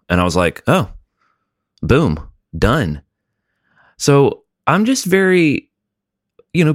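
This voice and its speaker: A man's voice: fairly low pitch, dry recording, studio quality. A man co-hosting a podcast, wry and rambling, with mock-grand phrasing. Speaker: podcast co-host. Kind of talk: casual comedic podcast banter.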